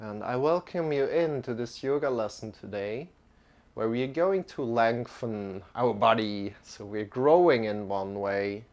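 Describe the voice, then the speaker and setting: Slow, calm male yoga teacher. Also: lowish voice. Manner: calm, halting, with many restarts. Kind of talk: live-streamed yoga instruction.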